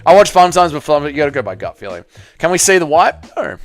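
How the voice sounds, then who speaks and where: A man's voice: a little high, big pitch swings, fast. A man hosting a live fight watch-along stream, bantering with his chat in a casual, profane way.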